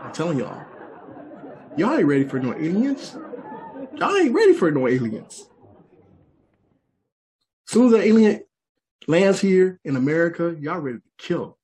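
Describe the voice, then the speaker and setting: A man doing stand-up comedy, animated and repetitive, talking straight to the audience. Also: on the high side, unhurried, pauses often. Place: comedy stage. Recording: live show, faint crowd and noise.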